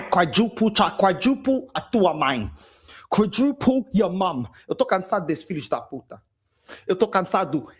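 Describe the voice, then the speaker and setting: A husky-voiced man unloads an angry post-match rant, swearing freely and jumping between two languages. His pitch swings widely as he vents. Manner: furious, swearing, switching between Portuguese and English. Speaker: fan channel host.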